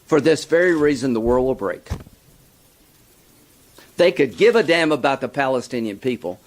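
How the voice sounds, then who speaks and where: A man delivering a forceful political speech, building from measured points to emphatic outrage. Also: mid-range voice, lively intonation. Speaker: lawmaker giving a speech.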